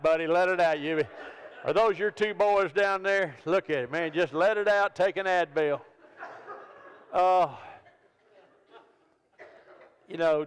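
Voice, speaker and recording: Man, comedic sermon, animated storyteller, fairly high voice, long church reverb. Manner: animated storyteller who shifts into loud high voices for quoted people. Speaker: evangelist and comedian. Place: church service.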